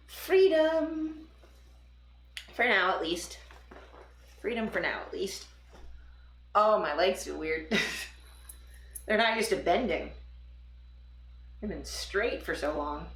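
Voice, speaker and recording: Woman streamer, low voice, echoey. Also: slow pace, long pauses, a bit bright, slight background noise. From Toronto, Canada. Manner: chatty, swears casually, trails off with fillers. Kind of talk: casual live-stream chat. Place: home room, livestream. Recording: roomy echo with music playing.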